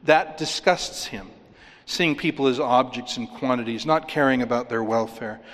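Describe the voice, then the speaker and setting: A man preaching a sermon, rising for key points and dropping low and quiet for stress. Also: normal speed, long reverb tail. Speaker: pastor.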